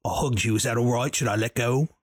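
A man's voice: medium pitch, steady tone, fast, echoey room, natural voice. A man playing an awkward, kind-hearted male bugbear cleric who speaks hesitantly and stumbles over his words. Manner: hesitant, stumbling and softly anxious.

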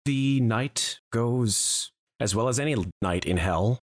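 A man's voice: medium pitch, takes it slowly. A man narrating a tabletop game as game master, descriptive and full of hedging asides.

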